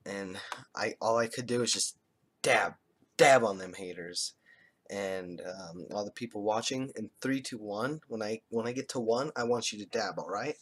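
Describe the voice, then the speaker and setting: A man's voice: fairly low pitch, normal speed. A man telling a rambling, joking story to camera, crude and full of swearing. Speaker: vlogger.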